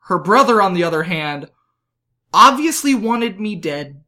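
A young man co-hosting a casual podcast, telling animated stories. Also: high-pitched, measured pace. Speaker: podcast co-host.

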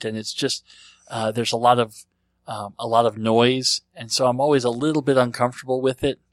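Man, podcast host, conversational, thinks aloud, middle pitch, dead dry room. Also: no room sound. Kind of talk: casual chat answering listener questions.

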